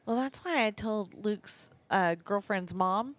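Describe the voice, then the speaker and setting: A woman's voice: mid-range voice, takes it slowly. A woman, chatting casually as a co-host and telling family stories with frequent laughter. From Texas. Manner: giggly storyteller, laughs often. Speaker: podcast co-host. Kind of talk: casual chat.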